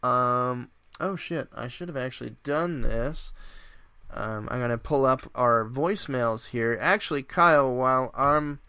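A man's voice: mid-range voice, measured pace, clear, resonant tone, no echo. A man hosting a casual gaming podcast, telling a funny story with frequent laughter. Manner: laughs often, animated storytelling. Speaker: podcast host.

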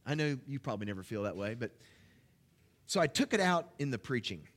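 A man preaching a sermon in church, telling personal stories in a loose, halting way with lots of fillers. He gets louder and higher when he is stirred up and drops soft and low when he prays. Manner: conversational, halting with frequent fillers and restarts; rises in pitch and volume when excited, hushed when praying. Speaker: guest preacher. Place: church service.

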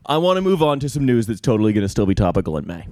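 Laughing, animated male podcast host. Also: fairly low pitch, very fast, no echo. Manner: laughing, jokey, swears freely. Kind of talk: casual comedic chat.

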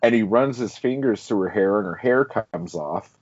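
Husky low-voiced guy rambling thru a movie recap, lots of "like", dull dry lo-fi audio. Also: animated, moderate pace, a little mellow, no room sound. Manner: rambling recap, heavy use of "like" and swearing. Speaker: podcast co-host. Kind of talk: casual film podcast chat.

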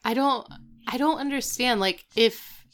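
A woman casually recapping a show, retelling scenes with quick quoted lines. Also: a little high, fairly bright tone. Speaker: podcast co-host recapping a show. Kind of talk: casual chat.

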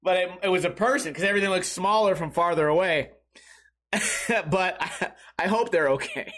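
A man with a high, slightly bright voice hosts a comedy podcast, rambling through crude, profane stories. He laughs at his own jokes and acts out the people in them.

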